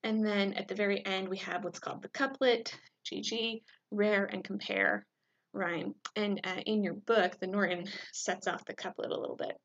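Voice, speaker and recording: A woman's voice: mid-range voice, expressive, moderate pace. A woman teaching a recorded lecture in an explanatory way, with many fillers, sometimes chanting a poem's rhythm aloud. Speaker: instructor. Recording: dull lo-fi recording.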